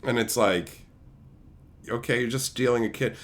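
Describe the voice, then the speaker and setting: A man's voice: medium pitch, normal speed, long pauses. A young man streamer ranting in a sarcastic, profane, mocking way. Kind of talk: ranting commentary.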